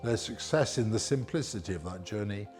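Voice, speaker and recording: A man's voice: fairly low pitch, expressive, fairly quick. A man who founded a community project, speaking passionately and earnestly in a documentary interview. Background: music.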